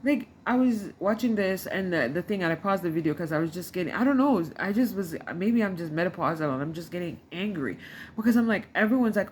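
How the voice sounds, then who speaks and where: A woman's voice: medium pitch, lively intonation, brisk, a little mellow. A middle-aged woman from the Caribbean, talking to camera in a rambling, frustrated way with many restarts. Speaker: vlogger. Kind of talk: casual talk to camera. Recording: faint background noise.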